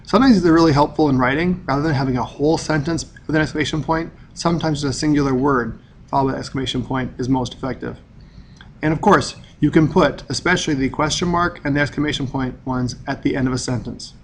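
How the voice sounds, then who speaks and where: A man's voice: on the high side, quick pace, a little hiss or hum. A male teacher giving a recorded grammar lesson, explaining in a plain, methodical way.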